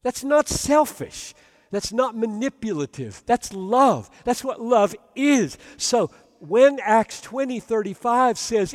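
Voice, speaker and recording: A man preaching a sermon, earnest and emphatic, often dropping to soft, low tones. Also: animated, unhurried, in a large hall.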